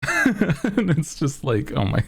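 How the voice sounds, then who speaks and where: A man streaming as a VTuber, chatting casually to his viewers in a deep voice, rambling and laughing often. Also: huge pitch swings, slow pace, gravelly, breathy edge.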